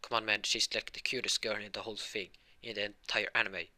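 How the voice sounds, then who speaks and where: A man tells a fan story in a loose, rambling way. He keeps stopping to correct himself and adds fillers as he goes. His voice sits low but sounds bright and sharp. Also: little pitch movement, a little fast. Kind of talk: casual spoken fan-fiction retelling.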